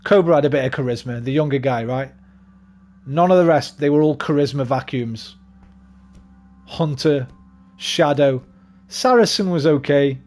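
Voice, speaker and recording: A man's voice: medium pitch, moderate pace, pauses often, darkish tone. A young man rambling casually and swearing freely while streaming a game. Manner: rambling, sweary, laid-back. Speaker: gaming streamer. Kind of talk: casual chat while gaming.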